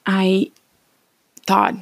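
Brazilian woman chatting, gravelly and husky. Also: mid-range voice, monotone, drawn-out words, dry recording. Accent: Brazilian Portuguese. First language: Portuguese. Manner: chatty, rambling, encouraging. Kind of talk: casual personal vlog.

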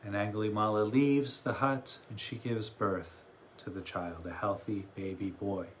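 A man who teaches meditation, giving a dharma talk and telling a story in a reflective way with many pauses. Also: on the low side, steady tone, a little hiss or hum.

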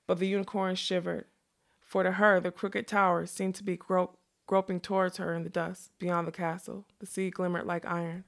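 Woman with a gravelly voice reading aloud. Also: on the low side, fairly even intonation. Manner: unhurried reading with quick casual asides. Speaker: reader. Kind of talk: reading a fantasy novel aloud.

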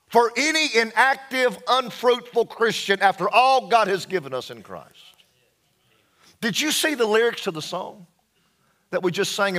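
Pastor guy preaching, high bright voice, slow and emphatic, drops way down quiet to hit a point. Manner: reads scripture slowly and deliberately. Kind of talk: sermon.

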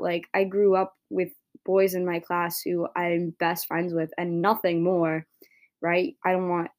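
A woman's voice: lowish voice, a little mellow. A young woman hosting a solo podcast, rambling casually and self-deprecating, swearing a lot. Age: young adult. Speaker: podcast host.

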